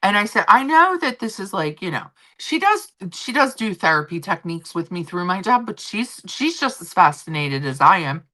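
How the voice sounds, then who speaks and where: A woman's voice: medium pitch, sing-song, normal speed, hardly any pauses, bright, forceful tone. A middle-aged woman hosting a livestream, chatting casually and with strong opinions, full of fillers and restarts. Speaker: livestream host. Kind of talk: casual chat about royal gossip.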